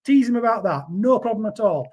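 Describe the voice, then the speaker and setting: A man's voice: high-pitched, lively intonation, fairly quick, darkish tone, highs cut off. A man, talking earnestly in a casual interview, often repeating words as he defends someone. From Yorkshire, England. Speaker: interview guest.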